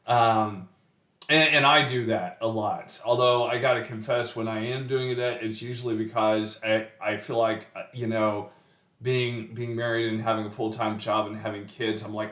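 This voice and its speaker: A man's voice: mid-range voice, fairly bright tone, roomy sound. A middle-aged man talking through a poem's meter and rhyme in a loose, thinking-aloud way, full of fillers and restarts. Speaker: poetry teacher. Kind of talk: casual poetry analysis.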